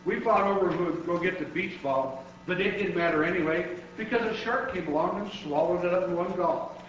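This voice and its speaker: A man reading a children's picture book aloud to kids, animated, with shouted character lines. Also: high-pitched, fairly quick, a little hiss or hum. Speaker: guest reader. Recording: distant, dull, echoey room recording.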